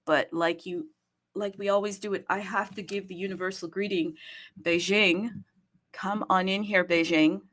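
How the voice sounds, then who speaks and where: A woman's voice: medium pitch, normal speed. A woman hosting a live audio space in a chatty, playful way, hyping her topic and greeting listeners with mock hellos in many languages, with plenty of fillers. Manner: lively hype delivery with frequent fillers. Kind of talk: casual live-stream chat.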